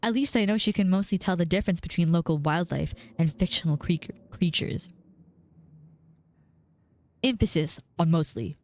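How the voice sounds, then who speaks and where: A woman's voice: on the low side, normal speed, pauses often, close to an everyday voice. A woman reading the lines of a curt, dismissive young woman cousin from a story game, clipped and skeptical. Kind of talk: reading game dialogue aloud.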